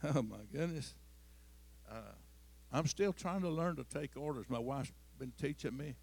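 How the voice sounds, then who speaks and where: A man preaching a sermon as pastor, moving between quiet storytelling and loud, climbing declarations. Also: mid-range voice, a little slow, gravelly, husky. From Missouri. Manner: swings from soft storytelling to loud, rising preaching.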